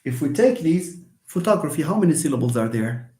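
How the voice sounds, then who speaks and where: A man's voice: fairly high pitch, big pitch swings, normal speed, warm tone, slight background noise. A man teaching English word stress in a live lesson, slipping into Arabic and mimicking wrong pronunciations. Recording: roomy echo.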